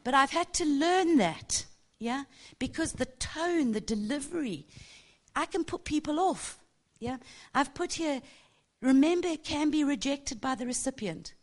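Speaking a little slowly in a high, lively voice, a middle-aged woman gives an informal lesson on prophecy to a church group. She's passionate and talkative, frequently ending points with "yeah?".

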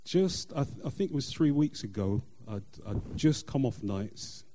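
A middle-aged man tells a faith testimony in a very dark, mellow voice. He speaks earnestly, pausing and restarting often as he goes. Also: medium pitch, expressive, a little hiss or hum. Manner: earnest, halting with frequent fillers and restarts. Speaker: church member sharing testimony. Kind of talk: personal testimony.

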